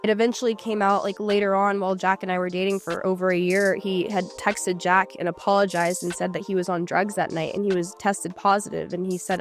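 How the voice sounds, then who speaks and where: A woman's voice: medium pitch, level tone, a little fast, hardly any pauses, faint music behind. A young woman, an interview guest, recounting events casually with a hesitant manner, full of likes and restarts.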